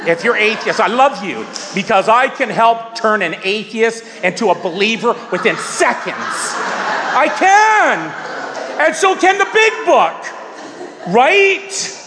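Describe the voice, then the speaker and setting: A man's voice: high-pitched, sing-song, slow pace, big-room sound, noisy background. A man sharing his story at a recovery meeting, talking in an emphatic, repetitive, preaching way. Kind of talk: sharing at a twelve-step meeting.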